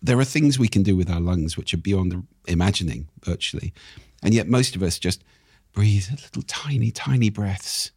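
A man, a speaking coach, explaining in conversation with lively, demonstrative intonation and a husky voice. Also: deep voice, normal speed, no echo, clean studio sound.

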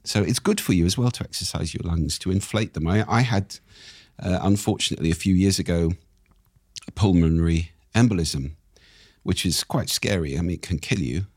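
A man, a speaking coach, explaining in conversation with lively, demonstrative intonation and a husky voice. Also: sits low, brisk, no room sound, studio quality.

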